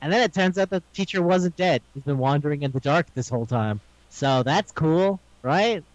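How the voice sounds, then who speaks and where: A man on a podcast casually recapping an anime episode, animated and swearing a lot, acting out the characters' lines. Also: on the high side, moderate pace, no room sound, muffled recording. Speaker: podcast co-host.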